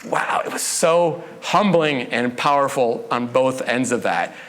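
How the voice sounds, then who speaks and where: A male pastor giving a casual, conversational sermon with joking, animated asides. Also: medium pitch, measured pace. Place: church.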